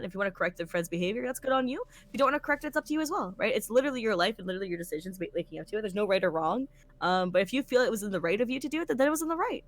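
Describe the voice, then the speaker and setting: A woman co-hosting a podcast in casual chat, talking bluntly and animatedly and swearing freely. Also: mid-range voice. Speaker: podcast co-host.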